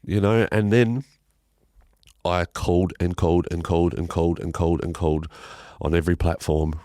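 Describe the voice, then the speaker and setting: An Australian man telling a painful personal story as a podcast guest, halting and emotional, swearing and restarting his sentences. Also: low-pitched, little pitch movement, mellow, no echo, studio quality.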